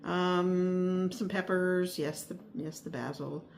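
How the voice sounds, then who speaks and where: A woman's voice: on the low side, steady tone, slow, gravelly, a little mellow, slight background noise. A woman giving a casual weekly garden update, rambling and hesitant with many fillers and restarts. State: a little out of breath. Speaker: vlogger. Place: home, upstairs spare room.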